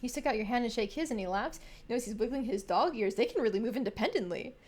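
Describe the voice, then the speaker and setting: A woman streaming a game, chatty and quick to laugh as she comments and reads aloud. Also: a little high, expressive, a little mellow. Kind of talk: casual game playthrough commentary and reading.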